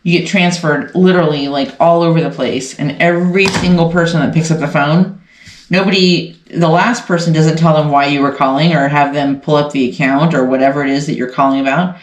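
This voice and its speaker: A woman's voice: sits low, fairly even intonation, a little fast. Chatty woman sewing in an echoey room. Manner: chatty, thinking aloud while sewing. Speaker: sewing channel host. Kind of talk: casual sew-along chat. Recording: roomy echo, faint noise.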